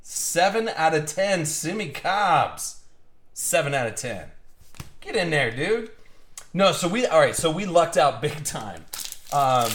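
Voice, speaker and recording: A man's voice: fairly high pitch, fairly bright tone. A young man hosting a live card-opening stream, chatting casually and rambling through stories with lots of restarts. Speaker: card break host.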